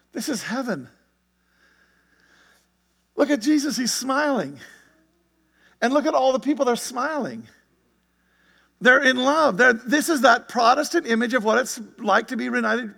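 Male pastor, conversational sermon delivery, high voice, long reverb. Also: vocal fry, a bit bright. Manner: conversational preaching with frequent "right?" and "you see it?".

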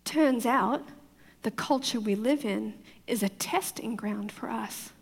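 Woman pastor, foreign accent, bright-ish voice, chatty sermon in an echoey hall. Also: fairly high pitch, takes it slowly, creaky, breathy edge. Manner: chatty, often checks in with the crowd, laughs easily. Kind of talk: conversational sermon.

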